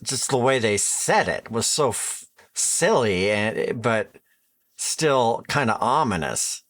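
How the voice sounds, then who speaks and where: A man's voice: mid-range voice, big pitch swings, takes it slowly, fairly bright tone. An older man hosting a reaction video, chatting casually, musing aloud and laughing easily.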